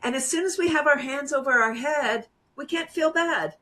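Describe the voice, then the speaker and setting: A woman's voice: high-pitched, normal speed, noisy background. A woman teaching laughter yoga as an interview guest, bubbly and laughing often as she coaches viewers through a demo over a video call. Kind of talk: guided laughter exercise demo.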